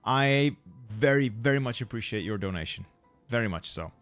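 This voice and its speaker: A man's voice: medium pitch, expressive, normal speed, fairly bright tone, no room sound, soft background music. A young man streaming a strategy game from home, grumbling at broken gear and swearing as he chats with viewers. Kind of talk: casual live-stream chat.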